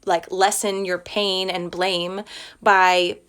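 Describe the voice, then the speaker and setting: A woman's voice: lowish voice, level tone, takes it slowly, a bit bright, clear, resonant tone. A woman in her thirties hosting a self-help live stream, talking in an earnest, rambling way full of likes and restarts. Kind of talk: casual live-stream talk. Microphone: phone or webcam for a live stream.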